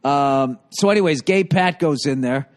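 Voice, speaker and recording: A man hosting a podcast, riffing through a comedic monologue full of swearing and asides. His pitch sits a bit high for a man. He talks loosely and wanders through his stories. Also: normal speed. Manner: profane, rambling storytelling. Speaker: podcast host.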